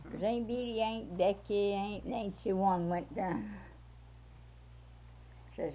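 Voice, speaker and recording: A woman's voice: mid-range voice, takes it slowly, pauses often, slightly rough. An older woman, telling a folksy family story in a casual way and laughing as she goes. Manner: laughs through her story, folksy dialect. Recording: tinny phone-like recording.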